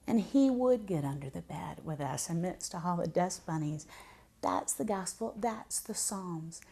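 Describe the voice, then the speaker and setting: A woman's voice: sits low, creaky, slightly rough. A woman, telling a personal story as an author and speaker, drawing out words for emphasis. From Southern United States. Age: 40s. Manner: warm, vivid storyteller, draws words out for emphasis.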